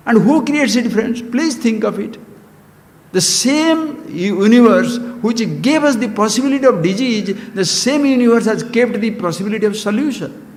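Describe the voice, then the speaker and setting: Indian man, spiritual teacher, high voice, emphatic and scolding, reverberant hall. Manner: emphatic, scolding, full of rhetorical questions. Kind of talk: spiritual discourse.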